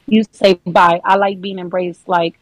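A woman's voice: lowish voice, unhurried, dry recording, rough recording. A young adult woman chatting candidly as a guest on a podcast, talking with lots of "like" and restarts. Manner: candid, animated, heavy use of "like". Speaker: podcast guest giving relationship advice. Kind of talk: casual podcast chat.

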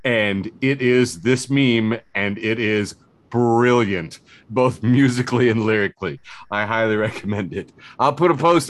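A man's voice: on the low side, a little slow, no room sound. Male podcast host, casual and giggly, dry close sound. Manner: rambling, many fillers and restarts, laughs often. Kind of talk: casual comedy podcast chat.

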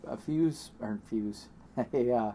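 A man's voice: mid-range voice, mellow, a little hiss or hum. Man rambling through a casual beer chat. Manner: rambling, halting restarts, laughs easily. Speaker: podcast co-host.

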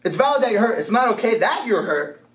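A young man preaching a sermon in a church, animated and exclaiming, acting out conversations as he goes. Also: sits high, quick pace. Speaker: pastor. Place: church room. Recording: echoey room, voice from a distance.

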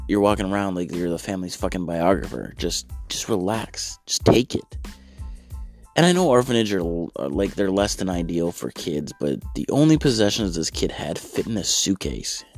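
A man with a very deep voice tears into a movie in a crude, sarcastic rant. His pitch jumps around wildly as he mocks the characters. Faint music plays in the background. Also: gravelly, darkish tone. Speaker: comedic movie reviewer. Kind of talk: profane comedic movie riff.

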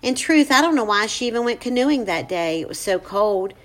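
Weary grieving older mother, read by a woman narrator, low sorrowful delivery. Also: expressive, fairly quick, lightly acted.

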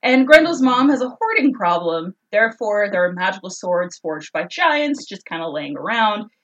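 A woman's voice: mid-range voice, very animated, normal speed, a bit bright, muffled recording. A woman co-hosting a casual podcast, retelling an old story in a chatty, joking way. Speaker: podcast co-host.

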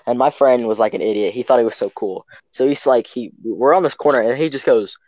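A man's voice: medium pitch, brisk, hardly any pauses, darkish tone, no echo, poor audio. A young man casually telling a rambling story from his school days, full of fillers and restarts.

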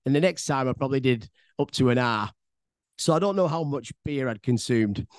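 An English man tells a personal story in a loose, rambling podcast style, swearing freely and often repeating himself as he goes. His voice sits at an ordinary middle pitch, and the recording is dry and close, with no room sound. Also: expressive, a little fast, no echo. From England. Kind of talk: casual spoken storytelling.

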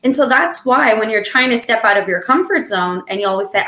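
A woman co-hosting a podcast in casual chat, talking in a chatty, expressive and jokey way and acting out dramatic lines. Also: on the high side, a little fast, hardly any pauses, echoey room. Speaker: podcast co-host. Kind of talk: casual chat about weight loss.

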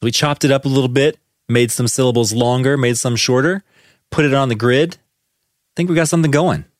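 With a mid-range voice and a slightly quick pace, a man talks casually on the podcast he co-hosts from his own studio. He's enthusiastic and full of fillers while explaining how tracks come together, and the recording has no room sound.

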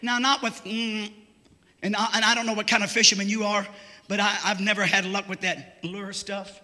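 A very high-pitched man preaches a sermon. His voice is piercingly bright, and his folksy, joking delivery keeps swelling into shouts. A long reverb from the church hall trails every phrase. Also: little pitch movement, moderate pace.

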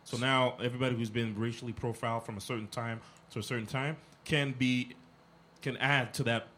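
A man's voice: medium pitch, fairly quick, slight background noise. A man, animatedly retelling a run-in in casual chat, acting out the voices. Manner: animated, acts out dialogue in anecdotes.

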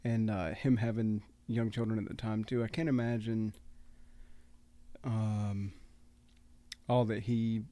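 A man in his late thirties talking in a relaxed, reflective way in casual conversation, with a gravelly edge and a habit of teasing and laughing. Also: lowish voice, slow pace, pauses often, no echo. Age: 30s. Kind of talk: casual podcast chat.

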